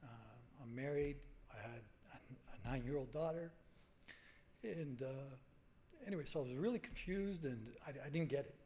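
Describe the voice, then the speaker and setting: A man in his forties telling his own story to a symposium audience, halting and emotional, full of restarts and fillers. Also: a little high, warm tone, a little hiss or hum. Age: 40s. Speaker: patient speaker at a medical symposium. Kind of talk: personal story told to an audience. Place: conference hall.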